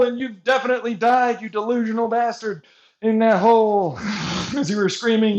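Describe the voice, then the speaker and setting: High-voiced man in a profane rant. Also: sing-song, measured pace. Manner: profane, swinging between shouted mockery and low mutters. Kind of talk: ranting commentary over gameplay.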